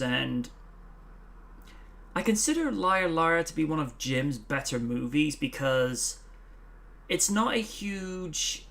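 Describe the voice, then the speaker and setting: A man hosting a casual live stream, rambling and laughing, often acting out movie lines in loud mock voices. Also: mid-range voice, creaky. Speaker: host.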